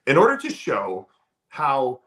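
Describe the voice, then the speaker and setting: Animated, emphatic middle-aged man. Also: medium pitch, slow pace. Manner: emphatic, storytelling delivery. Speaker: sales trainer guest. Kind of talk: casual interview talk.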